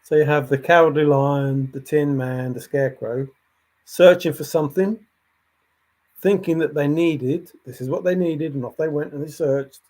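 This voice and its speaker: A man's voice: on the high side, normal speed, a little mellow. A man hosting a livestream, thinking aloud in a rambling way and answering chat comments as they come in. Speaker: livestream host.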